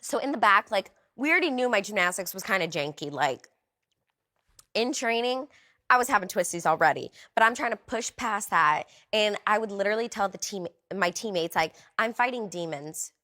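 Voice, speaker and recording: A woman's voice: medium pitch, animated, fairly quick, pushed and bright. A woman in her twenties, a podcast guest, recounting a story candidly and acting out her own thoughts in quoted asides.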